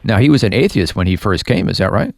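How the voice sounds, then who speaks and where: A male radio host interviewing a guest, calm, with short affirmations as he listens. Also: on the low side, quick pace, vocal fry, dry recording, studio quality.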